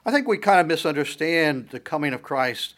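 A middle-aged pastor preaching a sermon, building his points through repeated rhetorical questions and a steady preaching cadence. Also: on the high side, fairly quick.

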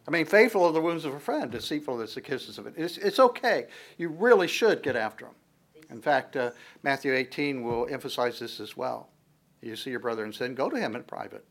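A man's voice: mid-range voice, brisk, creaky. A man giving a conversational sermon as a pastor, switching between explanation and playful dramatized asides, often restarting his sentences. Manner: frequent fillers and restarts, animated swings in loudness.

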